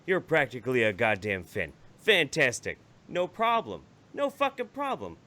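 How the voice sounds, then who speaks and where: A man putting on the voice of a huge, gruff older uncle who talks loud and profane. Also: medium pitch, huge pitch swings, moderate pace. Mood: blustering.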